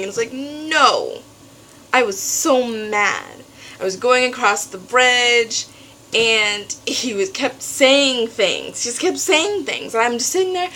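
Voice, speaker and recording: Teen girl ranting into her camera at home, bright voice, bit of hum behind. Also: on the high side, normal speed, poor audio. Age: teens. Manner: animated storytelling, acts out quotes. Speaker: vlogger. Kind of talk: casual venting vlog.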